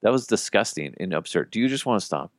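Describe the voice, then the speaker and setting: A young man with a fairly low voice hosts a casual podcast. He tells stories in a joking, animated way. The sound is close and dry. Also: fast talker, dry recording. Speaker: podcast host. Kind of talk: casual chat.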